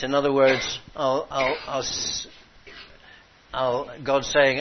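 A man preaching a sermon, halting and repeating himself, swinging from hushed to impassioned. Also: mid-range voice, flat delivery. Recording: dull lo-fi recording.

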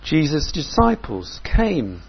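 A man delivers a sermon at an unhurried, deliberate pace, his voice a little husky. He speaks in a measured, reflective way and poses questions to his listeners. The recording sounds dull and lo-fi. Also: fairly high pitch, huge pitch swings. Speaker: preacher.

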